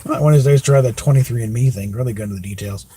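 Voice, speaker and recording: A man's voice: mid-range voice, rapid-fire, warm tone, a little hiss or hum. A man, rambling through casual podcast chat, full of fillers and chuckles. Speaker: podcast host.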